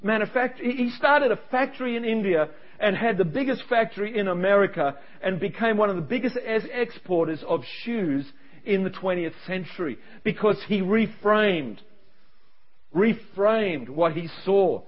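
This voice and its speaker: A man preaching in a high, bright-pitched voice, lively and animated, slipping into quoted voices as he goes. The recording is dull and lo-fi. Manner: animated, acts out quoted voices, quick asides. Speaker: pastor. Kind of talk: sermon. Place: church service. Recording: dull lo-fi sound.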